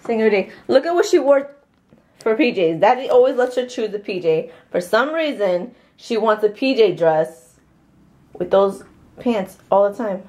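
A woman's voice: medium pitch, animated, normal speed, a little mellow. A young pregnant woman chatting casually in a vlog, dropping Spanish words into her English talk. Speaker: vlogger.

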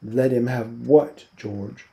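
A big, childlike farmhand speaking timidly and plaintively, voiced by a man reading a novel aloud. The voice is dark and gravelly. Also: mid-range voice, slow pace.

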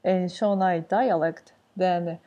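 Woman teacher, very unhurried, warm low-key tone, repeats each phrase to drill it. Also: fairly even intonation. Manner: repeats phrases, explains step by step. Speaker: language teacher. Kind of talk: casual language lesson.

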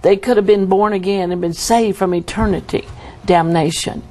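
A woman's voice: medium pitch, fairly even intonation, normal speed, darkish tone, slight background noise. A woman guest giving an earnest, vivid testimony in an interview.

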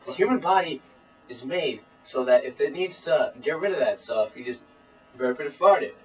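A teenage boy co-hosting a comedy web show, talking with deadpan, matter-of-fact macho bluster. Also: fairly high pitch, moderate pace, soft background music. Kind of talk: mock-serious comedy sketch. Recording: distant camera mic with mains hum.

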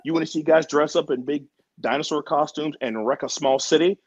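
A man's voice: fairly high pitch, steady tone, fairly quick, husky, no room sound, highs cut off. A man being interviewed as a wrestler, talking in a laid-back, slangy way and laughing often. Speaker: wrestler guest. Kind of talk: casual interview chat.

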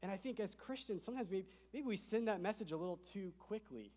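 A man with a slightly high voice preaches to his congregation, pressing each point with emphasis. He drops to a hush, then climbs loud again. His voice rings with long reverb through the church sanctuary. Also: expressive, quick pace. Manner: emphatic, swings between soft and loud. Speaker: pastor. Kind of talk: sermon.

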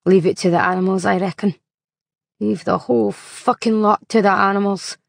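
Woman doing a glum, gravelly hitchhiker man. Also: mid-range voice, moderate pace, no echo, clean studio sound. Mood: bleak. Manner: glum, defensive, flat monotone. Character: weary scruffy middle-aged male hitchhiker.

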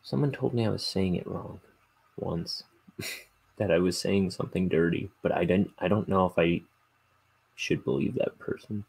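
A man's voice: low voice, moderate pace, vocal fry, long pauses, a little mellow, breathy edge, rough recording. A man chatting casually while he inks a drawing. He rambles and hesitates, and mocks himself with a chuckle. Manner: rambling and hesitant, with many fillers and restarts; self-mocking, chuckling to himself. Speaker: comic artist inking live.

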